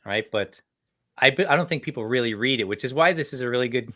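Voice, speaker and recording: A man's voice: medium pitch, lively intonation, fast, fairly bright tone. A man co-hosting a live online business show, chatting casually, laughing often and greeting viewers by name. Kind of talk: casual live-stream chat.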